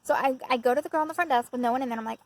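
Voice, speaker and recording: A woman with a high, bright-sounding voice tells a personal story in a chatty, self-mocking way, laughing often. She is talking straight to her viewers from somewhere outdoors. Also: very fast, poor audio. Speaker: vlogger. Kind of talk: casual storytelling.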